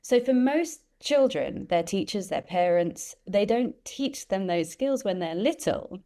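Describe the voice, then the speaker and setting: A woman, a guest who tells lively stories and acts out the voices of the people she quotes. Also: mid-range voice, unhurried. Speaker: interview guest, empathy expert. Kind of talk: conversational storytelling.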